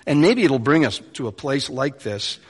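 A man's voice: mid-range voice, animated, moderate pace, slightly rough. A male pastor preaching a sermon in a conversational way, rising to emphatic peaks. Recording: long reverb of a large hall.

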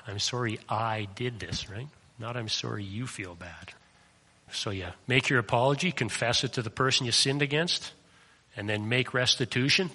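A man's voice: medium pitch, bright, forceful tone, big-room sound. A man preaching a sermon in a conversational way, often asking rhetorical questions of his listeners.

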